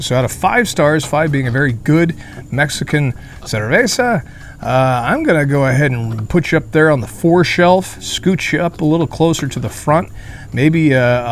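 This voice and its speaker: Out in a hot beer garden, a man hosting his channel sweats through a beer review, his pitch ordinary and middling. He meanders with fillers and jokes in a relaxed vlog manner, over a faint hiss or hum.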